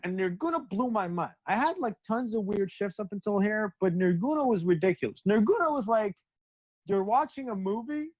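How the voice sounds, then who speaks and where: A man's voice: sits high, no echo. A young man casually recounting a spiritual experience in slangy, profane speech, acting out quoted dialogue. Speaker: satsang speaker. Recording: dry, dull lo-fi sound.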